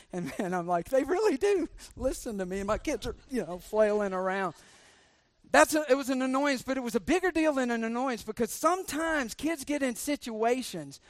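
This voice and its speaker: A middle-aged male pastor with a fairly high voice preaches a sermon. He jokes, slips into sarcasm and keeps quizzing the congregation with questions, and his voice sounds close and dry. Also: a bit bright, dry recording.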